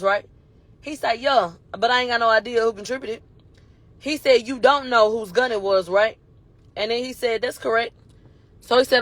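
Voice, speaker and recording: High-voiced woman retelling a trial. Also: dry recording. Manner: animated, slangy, retells quotes in a running he-said chain. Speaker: commentator recapping a trial. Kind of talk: casual storytelling recap.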